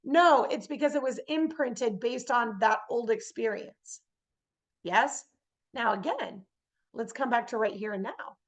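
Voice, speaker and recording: High-voiced woman giving a spiritual talk. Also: a little slow. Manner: checks in with listeners by asking "yes?" and "right?"; acts out everyday scenes in lively voices. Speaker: spiritual speaker.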